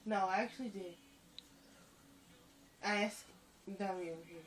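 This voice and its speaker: A woman's voice: medium pitch, a little slow, a little hiss or hum. A tired young woman rambling drowsily in a casual home phone video, breaking into giddy laughing fits.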